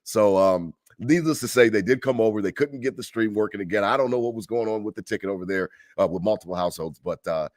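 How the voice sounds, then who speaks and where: A man with a low voice talks quickly and animatedly in a casual sports chat. He swears freely and acts out the other voices in his story. The sound is dry and close to the mic. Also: no echo. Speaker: podcast co-host.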